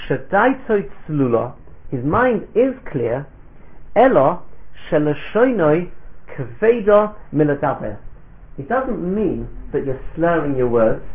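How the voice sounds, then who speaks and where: A man's voice: on the high side, creaky. A man teaching a Talmudic lecture, reading passages in Hebrew and Aramaic, explaining them in English, and checking in with the class. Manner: explains texts in Hebrew and Aramaic, then translates; asks the class "Yes?". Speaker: Torah teacher. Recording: tinny phone-line sound.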